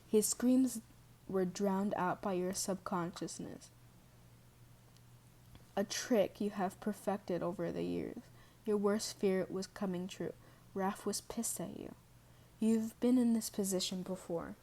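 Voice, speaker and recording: A woman reads a second-person fan fiction story aloud, slowly, in a medium-pitched voice with a steady, dark tone. She often stumbles, corrects herself and restarts, stopping to apologize along the way.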